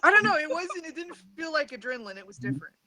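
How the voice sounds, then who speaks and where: A man's voice: very high voice, huge pitch swings, racing, a crowd in the background, poor audio. A man telling a rambling story in casual chat over a video call, audio glitching robotically at times. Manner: rambling storyteller, many restarts and "like". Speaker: friend in a group video call. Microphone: computer mic on a video call.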